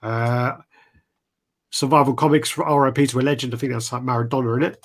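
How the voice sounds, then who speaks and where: A man's voice: medium pitch, fairly even intonation, fast talker. A man hosting a casual livestream chat, easygoing, laughing often and reading out viewer names. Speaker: host reading live chat.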